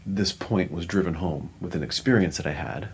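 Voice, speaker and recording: A man co-hosting a podcast, chatting casually and telling an animated story that acts out the lines of other people. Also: low voice, moderate pace, husky. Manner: animated storyteller, acting out quoted dialogue. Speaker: podcast co-host.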